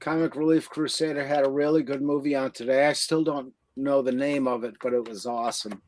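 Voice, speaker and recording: A man's voice: mid-range voice, fairly even intonation, a little fast, a little hiss or hum. A man chatting casually on a podcast, laid-back with a dry wit. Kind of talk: casual chat.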